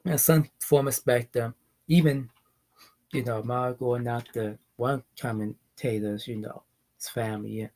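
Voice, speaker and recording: A young man talks through wrestling news in a loose, rambling way at an ordinary middle pitch. He laughs often and drifts between excited bursts and low mumbles. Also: a little slow. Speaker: vlogger. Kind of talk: casual wrestling news chat.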